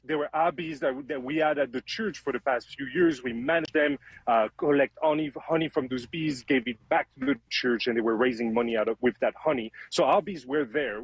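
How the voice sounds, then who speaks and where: A man's voice: mid-range voice, slightly rough, dry recording, rough recording. A man in his thirties from France with a French accent, a guest beekeeper telling stories and explaining things in a friendly way on a remote call from outdoors. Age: 30s. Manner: friendly storytelling, plain explanations. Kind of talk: interview answers. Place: outdoors beside a beehive.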